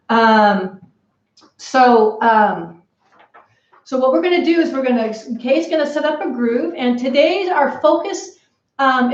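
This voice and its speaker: A woman teaching an online drumming lesson to kids, encouraging them and chanting short phrases in rhythm. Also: a little high. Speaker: music teacher leading a drum lesson. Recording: echoey room, muffled sound, loud drum music.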